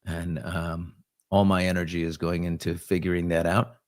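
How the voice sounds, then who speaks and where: Low-voiced man in his fifties, rambling. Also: little pitch movement, normal speed. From New York. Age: 50s. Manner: rambling, self-reflective, joking asides. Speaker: host. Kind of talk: casual live chat answering viewers.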